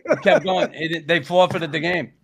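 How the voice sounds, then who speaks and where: A man's voice: fairly high pitch, steady tone, normal speed. Blunt, foul-mouthed older man. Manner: blunt, swears constantly, gruff. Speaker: podcast guest, former hockey enforcer. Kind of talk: casual storytelling chat.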